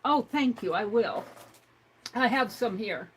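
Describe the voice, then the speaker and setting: A woman's voice: fairly high pitch, animated, slow, a little hiss or hum, rough recording. A woman hosting a crafting livestream, chatting casually to herself and her viewers while she works. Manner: chatty, talks to herself while working, reads chat aloud.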